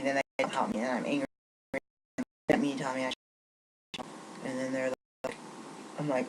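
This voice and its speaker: A woman's voice: rumbling low, flat delivery, moderate pace, long pauses, noisy background. A woman venting in a rambling vlog monologue, riled up and angry, tripping over restarts as she talks. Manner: rambling, agitated ranting with many restarts. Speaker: vlogger.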